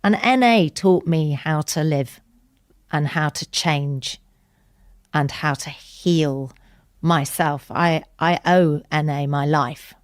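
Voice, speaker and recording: A woman's voice: sits low, slow, dry recording, studio quality. A woman, a podcast guest telling a personal story candidly. She speaks frankly and emotionally, swears freely and often restarts her sentences. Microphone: studio podcast mic.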